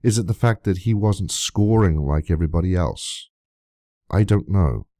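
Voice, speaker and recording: A low-voiced man talks straight to camera in an indignant vlog rant, reading out messages and firing off rhetorical questions. His tone is dark and mellow, and the sound is dry and close with no room around it. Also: lively intonation, moderate pace, dry recording. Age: adult, long friendship of nearly twenty years. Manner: indignant, rhetorical, swears freely. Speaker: YouTuber.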